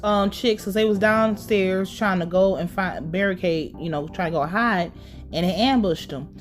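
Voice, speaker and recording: A woman's voice: on the high side, fairly bright tone. A young woman giving a casual, slangy episode recap, ranting with lots of swearing. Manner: profane, slangy, fired-up ranting. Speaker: TV show reviewer.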